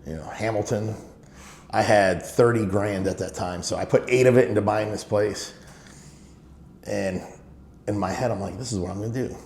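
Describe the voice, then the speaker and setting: A man's voice: on the low side, fairly even intonation, normal speed, creaky, pauses often, darkish tone. A middle-aged man telling stories in an interview, speaking emphatically and leaning on "you know" fillers. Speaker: business owner guest. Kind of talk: candid interview storytelling. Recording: echoey room with faint noise.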